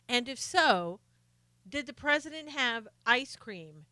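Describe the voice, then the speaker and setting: A woman's voice: sits high, lively intonation, measured pace, long pauses, sharp tone, no echo. A middle-aged woman hosting a live stream, chatting casually and sarcastically about politics while greeting viewers by name.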